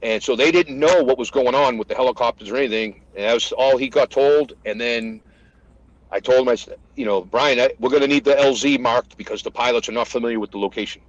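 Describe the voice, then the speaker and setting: A retired American master sergeant, a man, retelling combat stories in casual conversation and acting out the shouted lines. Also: mid-range voice, fast talker, dry recording, muffled recording. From United States. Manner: animated retelling, acts out shouted quotes. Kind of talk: conversational war storytelling.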